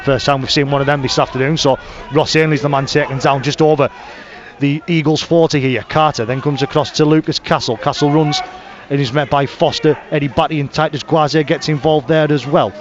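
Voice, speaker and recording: Guy doing radio rugby commentary, slightly higher voice, rattles off names play by play, muffled lo-fi sound. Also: steady tone. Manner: rapid, names each pass and tackle. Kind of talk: live rugby league commentary. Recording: lo-fi radio broadcast audio.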